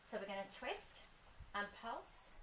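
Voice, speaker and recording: A woman leading a pilates session outdoors, gently encouraging and counting reps aloud. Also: medium pitch, very animated, measured pace, reverberant, far from the mic, slight background noise, rough recording. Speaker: pilates instructor. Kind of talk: guided workout instruction.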